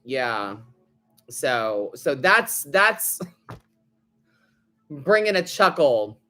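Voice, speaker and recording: A bright, forward-sounding man hosting a live tarot stream. He rambles in a loose, chatty way, leaning on "like" and "you know", swearing casually and laughing often. His pitch sits in the middle range. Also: big pitch swings, very slow. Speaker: tarot reader, host.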